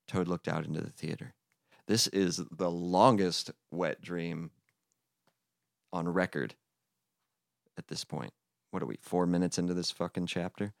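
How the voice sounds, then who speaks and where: Slow, deep-voiced sardonic man reading. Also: vocal fry, no room sound. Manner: sardonic, profane asides. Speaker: comedy podcast host reading a parody story. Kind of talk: crude comedic storybook reading.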